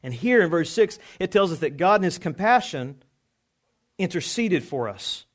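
High-voiced man preaching emphatically. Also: very animated, normal speed. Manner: emphatic preaching with swings from quiet to raised. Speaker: pastor. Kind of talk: sermon.

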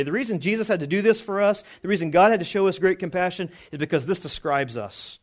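A pastor preaching a sermon, reading scripture and driving points home, dropping low then rising with emphasis. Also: male voice, expressive, normal speed. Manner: emphatic preaching with swings from quiet to raised.

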